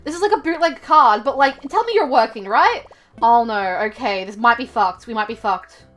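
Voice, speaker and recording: A woman's voice: fairly high pitch, lively intonation, normal speed, a bit bright, soft background music. A woman from Australia, chatting casually on a live stream, rambling with lots of fillers and frequent swearing.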